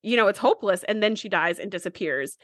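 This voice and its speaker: Bright-voiced woman podcast co-host. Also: medium pitch, brisk, no room sound, clean studio sound. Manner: relaxed storyteller, often agrees with "mm-hmm". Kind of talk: casual chat recapping an episode.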